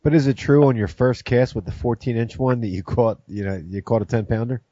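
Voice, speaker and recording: A man's voice: medium pitch, a little fast, dark tone, no room sound. A man co-hosting a casual chat, reading out viewer questions in an easygoing way. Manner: easygoing, laughs easily. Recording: dry, dull sound.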